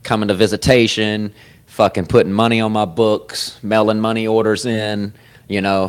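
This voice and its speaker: Male podcast host, low-pitched, loose profane rambling talk. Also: smooth. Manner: profane, rambling, swings loud with sudden laughs. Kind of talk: casual chat. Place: comedy club.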